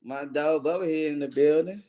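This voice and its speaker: A man's voice: on the high side, moderate pace, dark tone. A man hosting a casual livestream show, greeting viewers by name in loose slangy banter.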